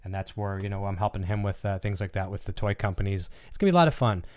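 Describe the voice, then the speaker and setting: A man hosts a relaxed live stream in a lowish voice, rattling along at a quick clip. His speech stays smooth and clear, though he drops plenty of ums and uhs between thoughts. He sounds like a friendly channel host chatting off the cuff. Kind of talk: casual live-stream chat.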